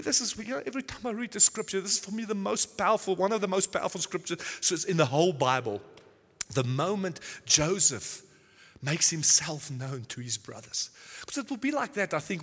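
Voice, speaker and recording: A man's voice: high voice, a bit bright. A man from the Netherlands preaching a sermon as a pastor, impassioned and emphatic, often repeating words as he builds his point. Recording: long hall reverb.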